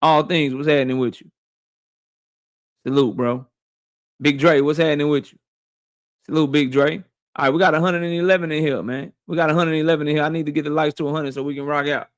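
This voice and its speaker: A man hosting a boxing livestream, shouting out viewers by name in loose, slangy casual talk. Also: on the high side, fairly even intonation, quick pace, pauses often, dry recording, clean studio sound.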